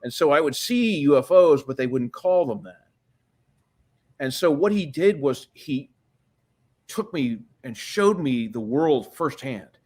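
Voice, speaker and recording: A man's voice: fairly high pitch, lively intonation, a little slow, a little mellow. A man in his sixties, a podcast guest telling a long story, profane and rambling, with frequent restarts. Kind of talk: storytelling interview.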